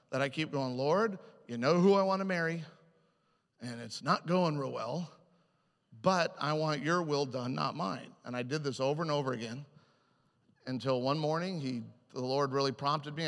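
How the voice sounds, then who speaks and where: A man telling a personal story as a humorous sermon, self-mocking and animated, jumping in and out of quoted voices before a live congregation. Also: mid-range voice. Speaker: preacher. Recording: hall reverb.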